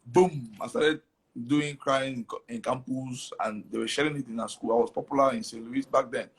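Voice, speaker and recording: A man's voice: mid-range voice, steady tone, normal speed, slightly rough. A young man from Cameroon, telling his story animatedly in an interview, repeating words and slipping into Pidgin. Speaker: comedian guest.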